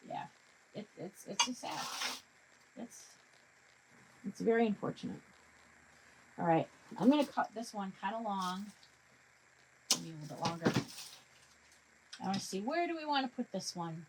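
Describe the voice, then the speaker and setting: A woman's voice: mid-range voice, expressive, moderate pace, pauses often, slight background noise, poor audio. A woman hosting a live craft tutorial, chatting her way through each step and joking with her materials. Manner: jokey self-talk to her materials.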